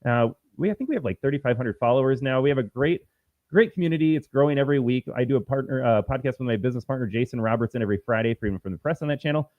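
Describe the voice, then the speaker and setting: A man's voice: medium pitch, rapid-fire, no echo, phone-quality sound. A man hosting a political commentary livestream, talking in an emphatic, combative and repetitive way. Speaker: host.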